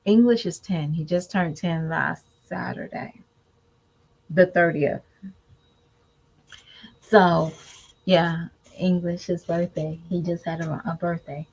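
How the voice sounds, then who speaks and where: Slow-talking woman vlogger. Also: on the low side, low-quality recording. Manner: candid, preachy, animated mimicry. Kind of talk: casual commentary to camera.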